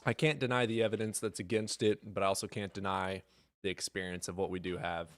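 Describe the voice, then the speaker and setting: A man with a low voice hosts a casual live stream and answers his chat in a blunt, sarcastic way, swearing freely. The sound is dry and close to the mic, with no room around it. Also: fairly even intonation, fairly quick, dry recording. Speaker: streamer hosting a debate stream.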